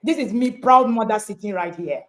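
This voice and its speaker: A woman's voice: mid-range voice, moderate pace, background noise. A woman hosting a panel chat, introducing guests with encouraging words. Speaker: host.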